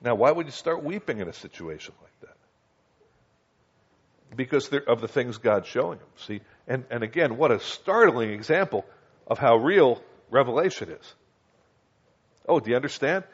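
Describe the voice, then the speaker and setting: Man, preacher, Bible teaching, conversational, mid-pitched voice, dull lo-fi sound. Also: animated, slightly rough. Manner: conversational, asks listeners "Okay?" and "do you understand?"; reads scripture slowly and acts out quoted voices higher. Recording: dull lo-fi recording.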